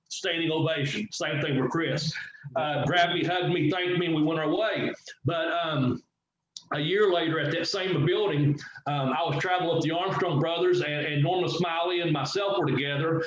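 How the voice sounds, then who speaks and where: Animated middle-aged man telling wrestling stories. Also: fairly high pitch. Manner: animated storyteller, swears freely, acts out quotes. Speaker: guest, former pro wrestler. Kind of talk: casual storytelling interview. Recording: echoey, dull, slightly noisy audio.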